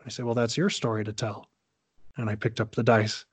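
A man's voice: medium pitch, little pitch movement, brisk, slightly rough, no room sound. A man in casual podcast chat, animatedly retelling a story and acting out the dialogue.

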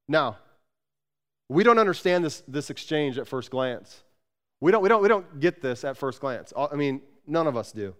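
A pastor delivers an energetic, conversational sermon, repeating words and moving between loud emphasis and soft, tender moments. His male voice sits on the high side, and he speaks at a normal speed.

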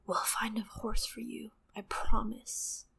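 A woman reading aloud gives us a gentle young lord in a breathy, hushed whisper. The whispered role-play is kind and big-brotherly. It stays soft throughout. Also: high-pitched, little pitch movement, slow, full character voice. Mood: tender.

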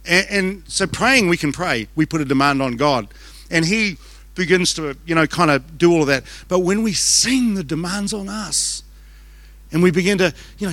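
Fast-talking New Zealand pastor, bright voice. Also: male voice, high voice, lively intonation, no echo. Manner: fast-talking, joking and conversational, with restarts. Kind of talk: conference sermon. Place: church auditorium. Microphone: handheld microphone.

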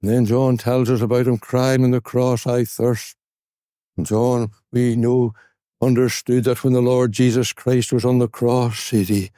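A man with a Northern Irish accent preaching an evangelistic gospel sermon, earnest, repeating words and slowing on key phrases for emphasis. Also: medium pitch, mellow, dry recording, clean studio sound. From Northern Ireland. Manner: slows down and stresses key phrases.

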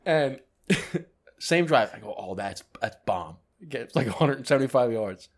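A man co-hosting a podcast, telling a story in casual chat, animated and swearing often. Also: medium pitch, moderate pace. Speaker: podcast co-host.

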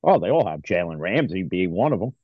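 A man's voice: low-pitched, sing-song, a little fast, no echo. A man co-hosting a sports podcast, talking casually and ranting heatedly with swearing. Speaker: podcast co-host. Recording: dry, dull lo-fi mic.

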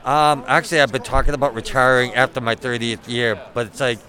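A man's voice: mid-range voice, steady tone, fairly quick, pushed and bright. Chatty middle-aged man, outdoors. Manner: chatty, self-deprecating, punny, acts out quotes. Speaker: Batman cosplayer. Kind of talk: casual interview chat.

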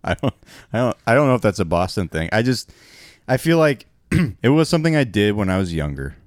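A man co-hosting a podcast, relaxed and quick to laugh along. His voice sits low. It is recorded dry and close. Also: no room sound. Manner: easygoing, laughs often. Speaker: podcast co-host. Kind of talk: casual chat.

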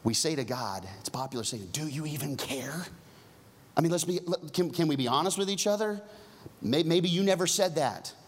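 A male pastor delivers a sermon in a mid-pitched voice. He builds to loud, high-pitched emphasis, then drops to soft, hushed near-whispers. His delivery is conversational with lots of restarts. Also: lively intonation, brisk.

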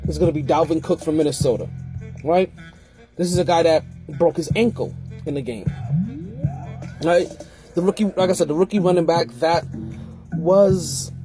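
A man hosting a fantasy football podcast in a casual, rambling way, often repeating and correcting himself. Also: a little high. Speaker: podcast host.

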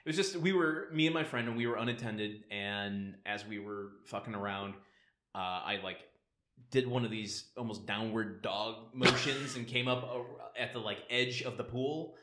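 A man's voice: lowish voice, normal speed, a bit bright, reverberant, slight background noise. A man co-hosting a podcast, chatting casually, rambling through a story and laughing often. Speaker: podcast co-host. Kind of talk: casual chat.

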